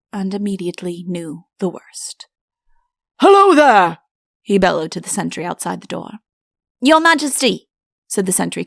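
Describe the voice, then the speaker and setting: A woman reading a comic fairy tale aloud with wry, deliberate timing. Her voice has a gravelly edge, and the recording is dry and close with no room sound. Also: mid-range voice, darkish tone, no echo. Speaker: audiobook narrator. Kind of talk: scripted audiobook narration.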